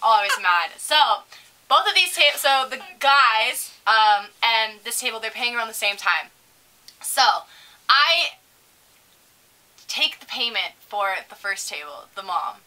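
A woman with a fairly high, very bright voice tells a story in a casual chat. She swears freely and acts out what the customers said in her own voice. Her delivery is animated. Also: unhurried, poor audio. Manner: profane, animated, acts out quotes. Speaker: podcast co-host, server.

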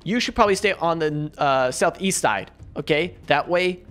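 A man hosting a multiplayer game video, chatting casually and excitably with his friends. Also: on the high side, moderate pace, faint music behind. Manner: excitable, chatty, frequent laughs. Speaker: gaming channel host. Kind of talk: casual gameplay chat.

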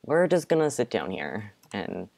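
A man's voice: lowish voice, very animated, unhurried, creaky, a little mellow, slight background noise. A man giving live gameplay commentary, jumping from muttering and near-whispers to panicky outbursts. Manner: drops to a near-whisper at times. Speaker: gaming commentator.

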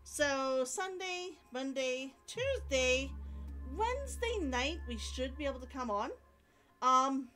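A woman's voice: sits high, slow pace, bright, forceful tone, faint music behind. A woman streamer chatting casually to her viewers while playing a game and reading its dialogue aloud.

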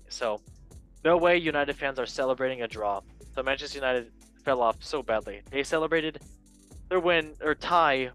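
A young man hosts a casual football chat show in a chatty, playful way. He reads memes aloud and laughs at his own jokes. His pitch sits in an ordinary middle range, with faint music playing behind him. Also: a bit bright. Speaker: podcast host.

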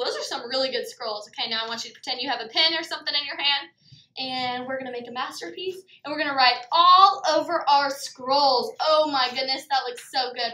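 A woman leads a children's Bible lesson in a bright, high, lively voice that swoops up and down. She talks in a sing-song way, gasping and exclaiming for preschoolers. The sound carries an echo from the room. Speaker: preschool teacher.

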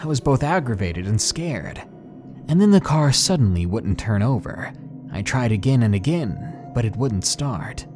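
Male horror narrator: slow, hushed, dramatic read with a lively, rising and falling pitch over soft background music. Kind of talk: scripted horror story narration. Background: faint background music.

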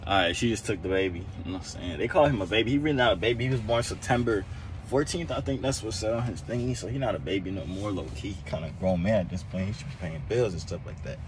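A young man, chatting casually and rambling on a video blog, and coaxing his cat in high tones. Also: fast talker, a little hiss or hum. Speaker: vlogger. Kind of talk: casual vlog chat. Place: at home, then in a car.

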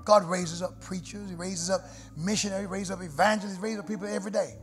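A middle-aged pastor, preaching a sermon live in a church with dynamic swings from soft prayerful murmurs to loud shouted lines. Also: male voice, sits high, fairly even intonation, fast talker. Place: church sanctuary. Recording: live church livestream with organ music behind. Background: musical instruments.

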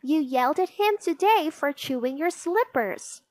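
A cheeky little girl from a storybook, bossy and quick to scold, voiced by a woman reading aloud. Her voice jumps high above the narration. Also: animated, a little mellow, dry recording.

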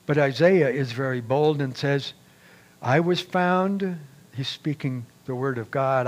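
Slow, deliberate male preacher. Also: a little high. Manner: reads scripture aloud with raised emphasis. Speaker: pastor. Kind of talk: sermon.

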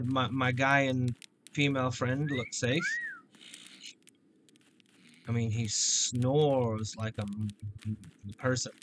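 A man's voice: medium pitch, a bit bright, a little hiss or hum. A man giving playful, joking let's-play commentary on a shooter game. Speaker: gameplay commentator.

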